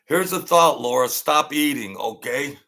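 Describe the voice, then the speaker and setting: A middle-aged man rants on a livestream in a slow, deliberate drawl, repeating his jabs and answering chat. His voice is bright and forceful, with a sharp, mocking edge. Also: mid-range voice. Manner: blunt, mocking, repetitive, rants loudly then laughs. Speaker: channel host. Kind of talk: livestream commentary reading chat.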